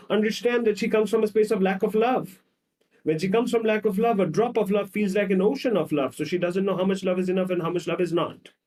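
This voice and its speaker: A man, a psychologist guest on a podcast, tells stories dramatically and acts out the scenes, swinging between loud and soft. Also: high voice. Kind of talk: podcast conversation.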